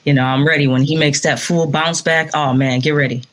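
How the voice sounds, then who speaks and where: A woman's voice: sits low, fairly even intonation, brisk. A woman saxophonist as an interview guest, chatting casually and telling stories with enthusiasm and frequent laughter. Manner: enthusiastic storyteller, laughs often.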